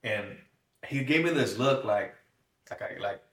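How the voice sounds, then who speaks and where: Give me a deep-voiced man telling an emotional life story in an echoey room, far from the mic. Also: animated, measured pace, vocal fry, a bit bright. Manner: storytelling, acting out quoted dialogue. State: tearful, shaky. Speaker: guest. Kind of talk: emotional personal testimony.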